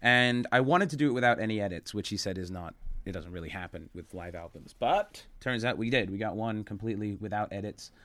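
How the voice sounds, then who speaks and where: A man's voice: on the low side, animated, brisk, a bit bright. A man chatting casually as a comedian guest, rambling with restarts and laughing often. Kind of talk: casual podcast chat.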